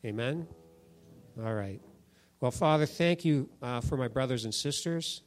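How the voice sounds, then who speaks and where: With a medium-pitched voice, a measured pace, and long pauses, a man preaches as pastor in a church sanctuary. He tells stories in a conversational style, acting out the voices of their characters.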